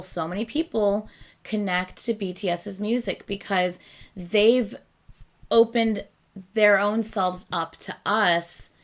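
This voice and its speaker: A woman hosting a reaction video, talking casually and rambling with lots of fillers, often laughing at herself. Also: mid-range voice. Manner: chatty, rambling with many fillers; self-deprecating, laughs often.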